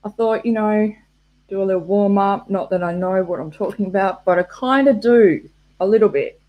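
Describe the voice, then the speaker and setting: A woman's voice: medium pitch, normal speed, lo-fi sound. A woman hosting a casual live stream, rambling through stories with frequent swearing and laughter at herself. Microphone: laptop mic.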